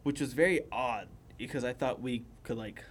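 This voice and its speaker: A man's voice: mid-range voice, moderate pace, a little hiss or hum. A young man chatting casually as a podcast co-host, often laughing and acting out what others said. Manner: laughs a lot, acts out quotes. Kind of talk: casual chat.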